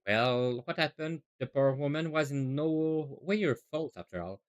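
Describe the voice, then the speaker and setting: Casting: man playing a soft-spoken, reassuring young woman assistant in a game read-through. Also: fairly high pitch, lively intonation, unhurried.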